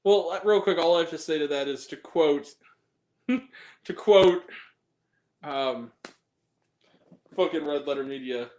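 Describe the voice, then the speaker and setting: Lively high-pitched man in an echoey room. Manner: animated, profane, quick to laugh and shout. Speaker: podcast host. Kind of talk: casual film review chat.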